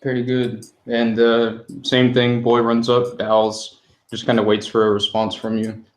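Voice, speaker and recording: A man narrating as game master, relaxed and full of fillers as he describes scenes. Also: medium pitch, measured pace.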